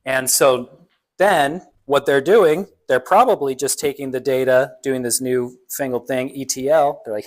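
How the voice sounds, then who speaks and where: A man's voice: medium pitch, measured pace, rough recording. A man giving a casual, jokey conference presentation who talks conversationally and acts out what other people say. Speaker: conference speaker.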